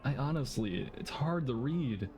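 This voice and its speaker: A man's voice: mid-range voice, expressive, darkish tone, soft background music. A man streaming a game, talking casually with many halts, restarts and fillers. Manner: halting, stammering, lots of fillers.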